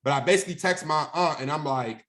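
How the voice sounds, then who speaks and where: Animated slangy man telling a story. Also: fairly high pitch, fast. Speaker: guest speaker at a mentorship session. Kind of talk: casual storytelling.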